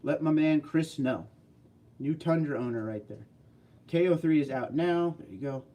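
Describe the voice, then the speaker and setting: Far from the mic, a man from California with a fairly high, mellow voice runs a casual livestream at a moderate pace. He reads comments aloud and answers viewer questions on the fly in loose chat.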